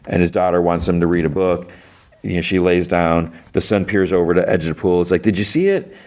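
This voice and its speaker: A man hosting a podcast, casually retelling an episode with lots of fillers and quick quoted lines. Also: sits low, level tone, a little mellow. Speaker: podcast host.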